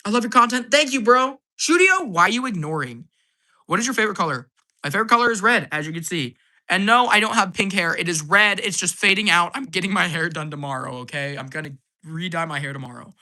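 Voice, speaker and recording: A man hosting a casual live stream Q&A, reading out viewer comments and answering them. He is hyper, laughs often and sounds slightly hoarse. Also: sits high, expressive, quick pace, pushed and bright.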